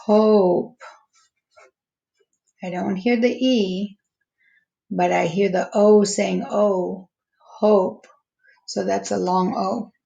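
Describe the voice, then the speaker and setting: A woman teacher slowly walking young students through a phonics lesson, stretching out each word's sounds. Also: medium pitch, steady tone, creaky, warm tone, lo-fi sound. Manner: slow, patient, stretching out each word sound.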